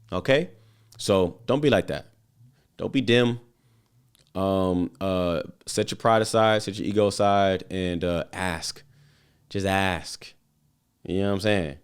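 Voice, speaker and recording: With a low, smooth voice, a man hosting his own show rambles through a casual motivational talk, heavy on slang, fillers and swearing.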